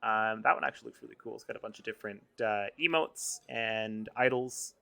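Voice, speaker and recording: A man's voice: on the low side, a little fast, gravelly, bright, forceful tone. A man co-hosting a casual gaming podcast, running through store items and events with frequent ums and self-corrections. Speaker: podcast co-host. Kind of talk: casual game news chat.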